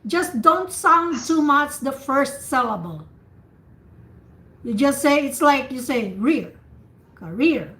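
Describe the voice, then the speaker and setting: A woman tutor leading an online speaking practice class, patiently repeating words slowly to model pronunciation over a video call. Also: high voice, expressive, bright, forceful tone. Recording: echoey room with faint noise, video call.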